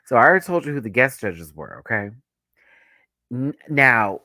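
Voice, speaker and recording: A man giving a campy, animated live review on his channel, laughing often and swinging his voice high and low. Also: moderate pace, pauses often, dry recording, clean studio sound. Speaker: YouTube reviewer.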